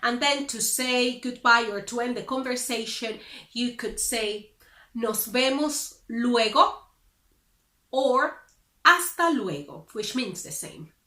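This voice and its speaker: A woman's voice: a little high, lively intonation, takes it slowly, pushed and bright, roomy sound. A woman teaching a beginner Spanish lesson, upbeat and careful as she explains.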